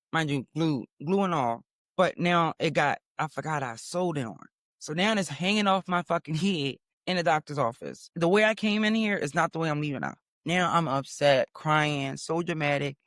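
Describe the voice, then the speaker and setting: High-voiced man telling a profane story. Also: dry recording, studio quality. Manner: animated, profane, dramatic storytelling. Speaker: podcast host. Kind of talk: storytelling monologue.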